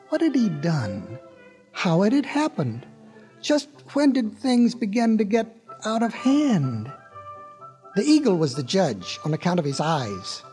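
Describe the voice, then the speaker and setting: A man's voice: sits high, darkish tone. A man narrating a storybook record in a folksy way, with chatty asides to the listener.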